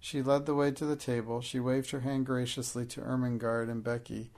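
A man narrating a storybook in a measured, even reading. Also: medium pitch. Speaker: audiobook narrator.

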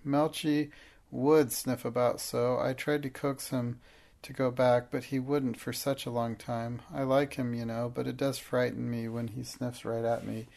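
A man reading the part of a timid, slow-learning plump schoolgirl in a storybook, speaking in a fretful, pleading way. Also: medium pitch, level tone, vocal fry, darkish tone.

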